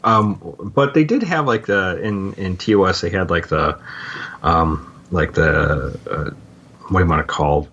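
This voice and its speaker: Very deep-voiced man, rambling casually. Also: measured pace, a bit bright, dull audio, slight background noise. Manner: rambling, many fillers and restarts. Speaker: podcast co-host. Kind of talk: casual book-club discussion.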